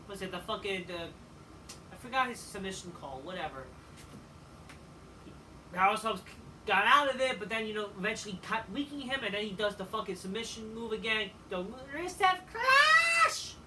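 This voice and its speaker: A man giving a casual, rambling review of a wrestling show, swearing often and filling pauses with "like" and "you know.". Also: high-pitched, pushed and bright. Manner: profane, rambling, with frequent fillers. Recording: distant mic with faint background noise.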